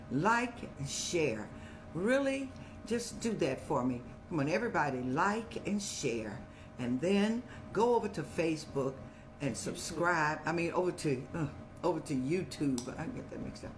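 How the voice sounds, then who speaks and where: Motherly woman giving folksy advice. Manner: folksy, preachy, calls listeners child; animated storytelling with rising pitch. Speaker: host answering viewer questions.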